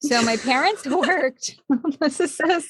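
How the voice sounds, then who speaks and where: A woman's voice: high-pitched, slow pace, no room sound. Chatty woman podcast host, dry close sound. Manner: chatty, animated storytelling with many "like"s. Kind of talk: casual chat.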